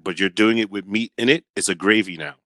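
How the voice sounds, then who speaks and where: A man co-hosting a podcast in casual banter, animated and argumentative, explaining at length. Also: fairly low pitch, brisk, no echo. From New England. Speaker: podcast co-host.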